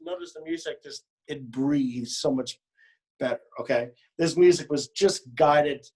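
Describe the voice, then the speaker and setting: Slow-spoken man coaching a choir. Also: on the high side, a little mellow, husky. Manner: demonstrates by speaking and singing short phrases; playful, joking asides. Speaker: choir director. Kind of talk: choral rehearsal instruction.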